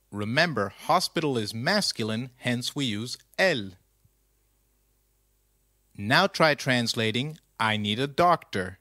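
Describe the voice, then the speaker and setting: Slow, bright-voiced male language teacher. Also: mid-range voice, lively intonation, no echo, clean studio sound. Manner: patient quiz-style questioning. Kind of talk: scripted lesson narration.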